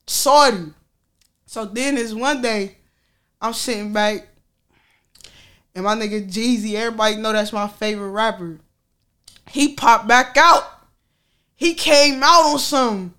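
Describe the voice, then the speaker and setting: Woman, vlog storytelling, frank and profane, laughs often, bright tone. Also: a little high, measured pace, long pauses. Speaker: vlogger sharing a personal story. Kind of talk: candid casual storytelling to viewers.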